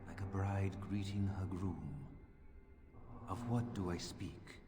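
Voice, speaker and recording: A reverent ghost of a disciple in a game, hushed and very low. His words trail into a long reverb. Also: steady tone, takes it slowly. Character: reverent ghostly male disciple, guardian of relics. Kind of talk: game voice acting.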